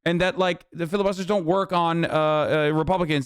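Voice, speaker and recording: A man's voice: fairly high pitch, fairly even intonation, fast talker, clean tone, dry recording, clean studio sound. A man reacting to the news on a live stream, ranting in a heated, profane, sarcastic way.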